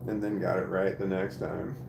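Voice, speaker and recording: This livestream host has a low-sitting voice with vocal fry and speaks at a moderate pace. He reads viewers' chat aloud and tells animated stories, laughing often and swearing, in a roomy recording with faint background noise.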